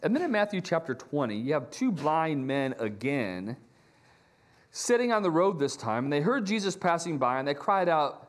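A man's voice: a little high, very animated, normal speed. A middle-aged man preaching a sermon as a pastor, telling stories with animation and acting out quoted lines in shifting voices.

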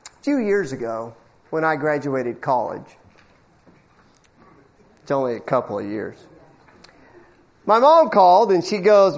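A man's voice: on the high side, big pitch swings, a little slow, pauses often, a little mellow. A middle-aged man preaching a sermon, telling a folksy personal story and acting out the people in it. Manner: folksy storytelling with acted-out quotes and asides.

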